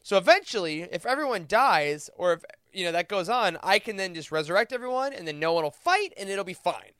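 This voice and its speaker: A man with a bright, smooth voice and a fairly high pitch, recorded dry and close. He co-hosts a podcast and works through ideas aloud in a relaxed, thoughtful way, with plenty of fillers. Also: brisk, dry recording. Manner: thoughtful, interprets at length with many fillers. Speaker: podcast co-host. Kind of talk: casual discussion.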